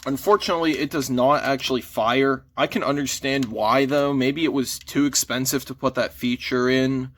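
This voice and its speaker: A man's voice: mid-range voice, steady tone, moderate pace, few pauses, a bit bright. A man casually reviewing a toy figure in an easygoing, mild way, shrugging off small flaws. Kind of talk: casual chat.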